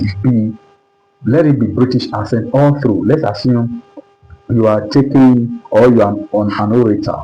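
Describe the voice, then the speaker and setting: Male teacher from Nigeria, low mellow voice, lo-fi recording with faint music, drills words and checks understanding. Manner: repeats words and keeps asking "do you understand?". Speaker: English pronunciation teacher. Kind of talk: classroom lesson.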